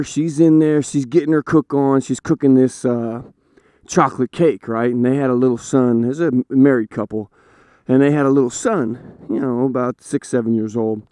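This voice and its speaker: Slow-talking man vlogging from a motorcycle. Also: mid-range voice, no echo, clean studio sound. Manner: relaxed, unhurried, chatty. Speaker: motovlogger. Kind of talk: casual joke telling. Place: outdoors on a motorcycle. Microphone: helmet-mounted camera mic.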